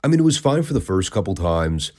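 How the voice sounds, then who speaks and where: A man with a low, dark, mellow voice talks through old wrestling matches in a relaxed, conversational way. He keeps slipping in dry, sarcastic asides. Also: fairly quick. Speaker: wrestling podcast host. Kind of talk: casual review commentary.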